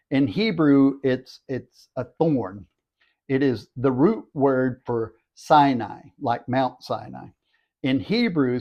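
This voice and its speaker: An older man, a Bible teacher, reads scripture aloud and then explains it in a steady, explanatory teaching tone. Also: medium pitch, muffled recording. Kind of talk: scripture reading and commentary.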